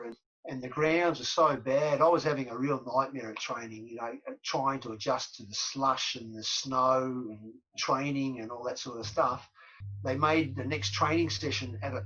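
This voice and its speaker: Forceful husky Australian man telling stories. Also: fairly high pitch. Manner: anecdotal, repeats words, frequent fillers. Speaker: former footballer guest. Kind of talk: podcast interview storytelling. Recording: dull lo-fi audio.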